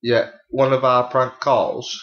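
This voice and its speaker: A man's voice: mid-range voice, level tone, slow pace, a bit bright, slight background noise. A man co-hosting a podcast in casual chat, often cutting in and apologizing. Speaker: podcast co-host. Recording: distant, dull, roomy home recording.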